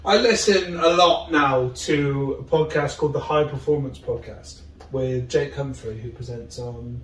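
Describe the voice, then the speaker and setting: A man talking as a guest in a casual interview, earnest and open, and he rambles a little when he gets excited. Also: medium pitch, a little slow. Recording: roomy, distant mic.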